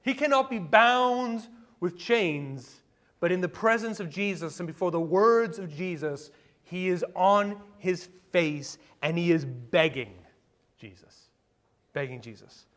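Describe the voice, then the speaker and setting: A male pastor preaching a sermon in a conversational way, with rhetorical questions and sudden bursts of excitement. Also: high-pitched, unhurried. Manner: conversational preaching with asides and fillers.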